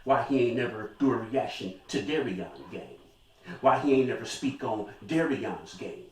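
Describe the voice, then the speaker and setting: A man's voice: medium pitch, expressive, moderate pace, recorded from a distance. Emphatic older man in an echoey room. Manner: emphatic, repeats phrases. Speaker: vlogger. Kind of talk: casual monologue to viewers.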